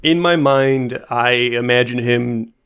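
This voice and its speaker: Slow-talking dry man. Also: medium pitch, fairly bright tone, clean tone. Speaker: podcast co-host. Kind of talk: casual chat.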